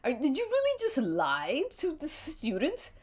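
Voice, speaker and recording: A haughty, prissy older man with a pompous flair, as a woman puts him on. He speaks in a tabletop game, his pitch swooping with theatrical fuss. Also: huge pitch swings, measured pace, a little mellow, exaggerated voice. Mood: indignant. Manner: haughty, pompous old queen voice.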